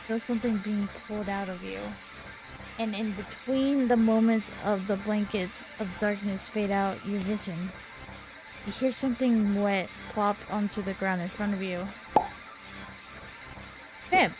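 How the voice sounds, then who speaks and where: Young woman in her twenties, gamer, reads horror game text aloud, unhurried and dramatic, middle pitch, faint music behind. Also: fairly even intonation. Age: 20s. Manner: slow, dramatic reading with sudden startled outbursts.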